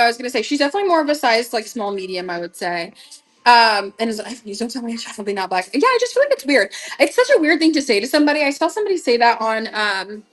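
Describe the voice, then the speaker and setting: A woman's voice: fairly high pitch, fairly bright tone, rough recording. Gushing young woman selling clothes live. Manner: chatty, gushing, talks straight to viewers. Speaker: live-stream vintage clothing seller. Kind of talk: casual live-selling chat.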